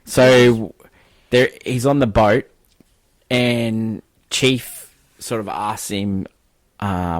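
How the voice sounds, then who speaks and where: A man with a fairly low voice recaps a film in casual chat, rambling and hesitant, with plenty of fillers. He sounds like a podcast co-host. The recording is dry and close. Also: fairly even intonation, extremely slow, long pauses, dry recording.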